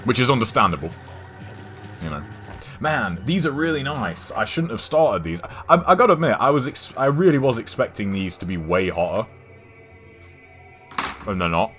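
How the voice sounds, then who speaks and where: A man's voice: mid-range voice, sing-song, moderate pace, pauses often, music in the background. A young English man streaming a game, rambling and chatting casually, swearing now and then. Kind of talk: casual chat while gaming.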